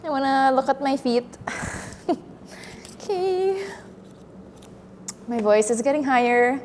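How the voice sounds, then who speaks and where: A woman's voice: high-pitched, fairly even intonation, a little fast, a little mellow, big-room sound, slight background noise. A woman narrating her feelings aloud during a workshop exercise, nervous and self-conscious, with bursts of laughter. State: anxious, breathy with nervous laughter. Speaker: acting workshop participant.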